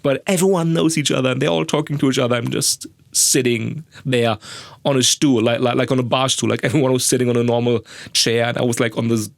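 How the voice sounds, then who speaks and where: Gravelly man in a dry booth. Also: mid-range voice, steady tone, brisk, dry recording. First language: German. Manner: rambling, crude, self-mocking. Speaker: podcast host. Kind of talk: casual monologue. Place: sound booth.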